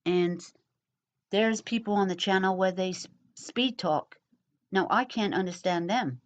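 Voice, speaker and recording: A middle-aged woman chatting casually as she answers comments, talking slowly and rambling with pauses and fillers. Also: mid-range voice, lo-fi sound. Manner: slow, rambling, pausing, with many fillers. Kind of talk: casual chat.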